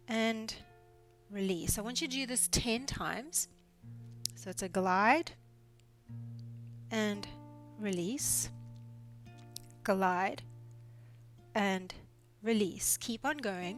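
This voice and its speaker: A woman physiotherapist calmly guiding a neck mobility routine, cueing each movement step by step and encouraging as she goes. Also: mid-range voice. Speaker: physiotherapist instructor. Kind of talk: guided exercise instruction.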